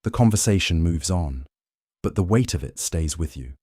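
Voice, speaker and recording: A man narrating a bedtime history story in second person, calm and even. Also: deep voice, moderate pace, breathy edge, no echo, studio quality.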